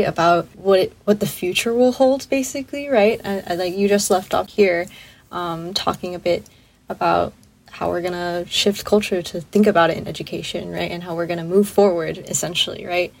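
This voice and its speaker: A woman hosting a podcast in casual chat, relaxed, with frequent fillers. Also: fairly low pitch, gravelly. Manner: relaxed, frequent likes and ums. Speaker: podcast host.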